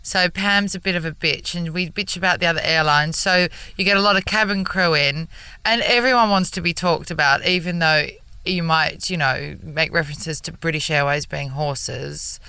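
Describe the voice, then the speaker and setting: A woman's voice: low-pitched, normal speed, bright, forceful tone, smooth, no echo. A woman comedian with an Australian accent, chatting playfully in a camp manner as a radio interview guest, laughing often. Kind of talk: casual interview chat.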